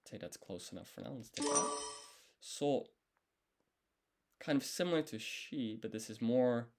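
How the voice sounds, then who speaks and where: A man studying on a live stream, thinking aloud and correcting himself as he works through each character in a relaxed, casual way. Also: medium pitch, moderate pace, vocal fry. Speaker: language learner streaming his study.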